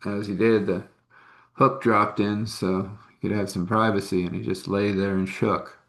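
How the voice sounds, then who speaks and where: A man telling a personal story out loud in a halting, rambling way, with fillers and restarts. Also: fairly low pitch, level tone, vocal fry. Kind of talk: casual spoken storytelling.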